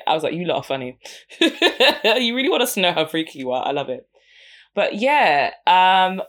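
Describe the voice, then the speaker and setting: A young woman talks through music in a loose, candid podcast style. Her voice sits a little low for a woman, and she keeps breaking into laughter as she goes. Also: fairly bright tone. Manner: chatty, frank, laughs often between points. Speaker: podcast host. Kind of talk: casual music review commentary.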